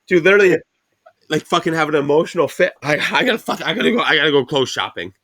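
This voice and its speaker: Here a Canadian podcast host with a voice on the high side talks fast through a rambling, swear-filled story. The retelling is animated, the talk casual and profane throughout.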